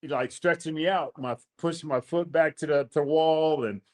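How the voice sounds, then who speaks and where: A man's voice: on the high side, steady tone, moderate pace. A man hosting a podcast, casually telling a long story in slangy talk, acting out the quotes. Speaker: podcast host.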